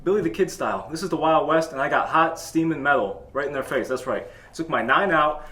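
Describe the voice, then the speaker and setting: A man's voice: medium pitch, quick pace, few pauses. Boastful male talk-show host, echoey room. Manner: deadpan, boastful tall-tale telling. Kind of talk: comedic storytelling.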